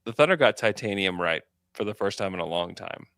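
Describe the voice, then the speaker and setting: A man co-hosting a podcast in casual sports chat, animated and chatty. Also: low-pitched, fairly quick, vocal fry, no room sound, clean studio sound. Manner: animated, chatty, lots of fillers. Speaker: podcast co-host.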